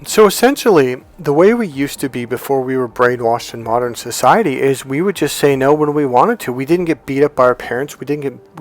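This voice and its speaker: A man giving blunt dating advice, swearing freely and telling stories in which he acts out what other people said. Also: mid-range voice. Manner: profane, blunt, storytelling with acted quotes. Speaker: dating coach. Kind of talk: unscripted coaching talk.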